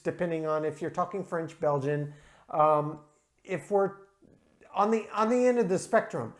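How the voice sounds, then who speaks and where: A host with a medium-pitched, slightly mellow voice reviews craft beer while talking casually to camera. Enthusiastic yet methodical, he scores each category aloud, often filling pauses with "uh" and "um."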